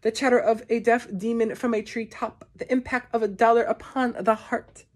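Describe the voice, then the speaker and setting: A woman giving a measured poetry reading, with slow, deliberate phrasing and long pauses. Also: on the high side, level tone. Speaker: poetry reader.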